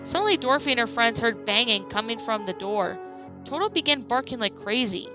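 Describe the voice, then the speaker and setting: A woman narrating a creepypasta story in a plain, steady reading voice. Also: on the high side, brisk, music in the background.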